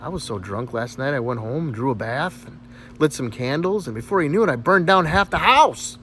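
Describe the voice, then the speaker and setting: A man's voice: mid-range voice, animated, normal speed, bright, forceful tone, a little hiss or hum, pitched below the performer's own voice. A man voicing a boastful, hungover woman swapping stories over breakfast.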